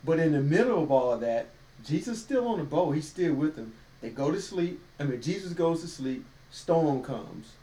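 A man's voice: on the high side, animated, normal speed, dark tone. A man co-hosting a casual faith-based podcast, talking in a folksy, preachy way with quoted voices. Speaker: podcast co-host. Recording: roomy echo, distant mic, faint ambience.

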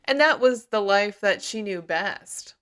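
A woman's voice: medium pitch, lively intonation, unhurried, fairly bright tone. A woman co-hosting a podcast, talking through her thoughts on a novel in a reflective, casual way. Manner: reflective, agreeable, talks things through. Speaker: podcast co-host. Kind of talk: casual book discussion.

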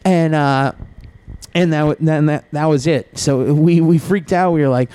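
A man's voice: a little high, unhurried, warm tone, clear, resonant tone, no room sound. A man guest on a podcast, telling a long story in a profane, rambling way and laughing as he goes.

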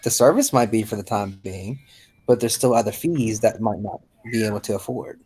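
A man's voice: fairly low pitch, fairly quick, warm tone, husky, low-quality recording. A man who teaches, talking casually as a podcast guest in a chatty, easygoing, modest way.

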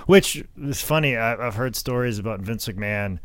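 A man's voice: on the low side, normal speed, no echo. A man co-hosting a podcast, joking crudely and swearing freely in casual chat. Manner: crude, joking, slips into mock voices. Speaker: podcast co-host.

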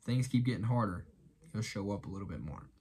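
A man's voice: lowish voice, expressive, brisk, a little mellow, breathy edge. A man giving an earnest devotional talk with a repetitive preaching rhythm that stacks up parallel phrases.

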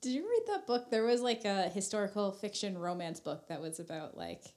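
A woman co-hosting a casual podcast, relaxed and soft-spoken. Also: mid-range voice, brisk. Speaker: podcast co-host. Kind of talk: casual chat.

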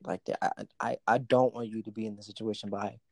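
A man's voice: lowish voice, level tone, quick pace, darkish tone, no room sound. A man hosting a casual chat, telling a personal story with plenty of quoted dialogue.

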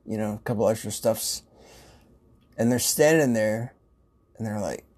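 A man's voice: fairly low pitch, normal speed, darkish tone, slightly rough. A man who works in a grocery store, telling casual stories in a rambling way, swearing and laughing often. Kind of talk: casual storytelling.

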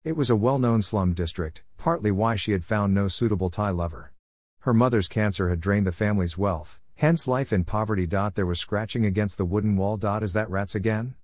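A man reads a scripted story in a measured, even way. His voice sits low. The recording is dry and close, with no room sound. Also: no room sound.

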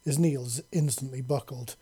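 Mellow, husky male storyteller. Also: medium pitch, fairly even intonation, moderate pace. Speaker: narrator. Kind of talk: reading a story aloud.

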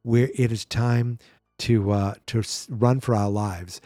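A man's voice: medium pitch, fairly even intonation, slow pace, dark tone, no room sound, studio quality. A man hosting a podcast, giving a sarcastic, exasperated running recap of a horror film and briefly mimicking its characters. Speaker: podcast host. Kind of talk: casual movie recap.

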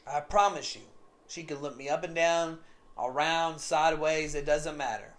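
Rambling man with a higher voice. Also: normal speed, fairly bright tone. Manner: rambling, repeats "I said" often. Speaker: vlogger. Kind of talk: casual storytelling monologue.

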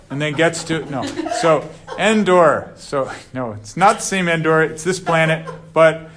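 Man, Bible teacher, slightly high voice, casual lecture, digressive, reads scripture aloud. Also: a bit bright.

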